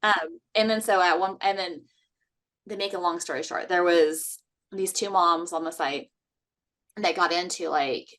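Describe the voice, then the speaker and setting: A woman co-hosting a casual podcast, telling a story in a lively, chatty way with lots of fillers and frequent laughs. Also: on the low side, measured pace. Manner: animated storyteller, laughs often, acts out quotes. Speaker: podcast co-host.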